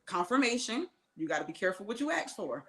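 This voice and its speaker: A woman's voice: medium pitch, big pitch swings, fast, bright, forceful tone, echoey room. A woman guest telling her life story in an earnest, conversational way, with many asides and acted-out quotes. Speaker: interview guest.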